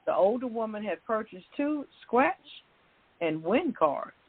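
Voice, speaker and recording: Co-host with a husky voice, casual and giggly, on a close, dry phone line. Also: medium pitch, big pitch swings, no room sound. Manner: laughs easily, halting with restarts. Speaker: talk show co-host. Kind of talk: casual chat, reading news.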